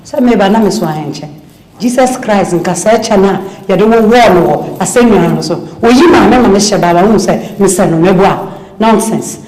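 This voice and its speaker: Animated, bossy woman in an echoey room. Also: mid-range voice, moderate pace. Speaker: comedy skit performer. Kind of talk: comedy skit acting. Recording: echoey room with music behind.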